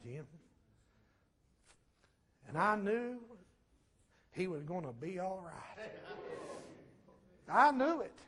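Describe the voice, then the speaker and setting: Fervent preacher man, high voice. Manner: fervent, rising to shouts then dropping to a low hush. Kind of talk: sermon testimony.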